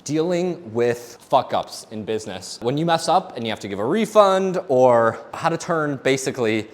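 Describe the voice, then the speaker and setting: A man's voice: medium pitch, expressive, moderate pace. A young man who runs a coaching business, talking bluntly and energetically in a casual vlog from his home gym, swearing freely. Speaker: business owner and coaching company CEO.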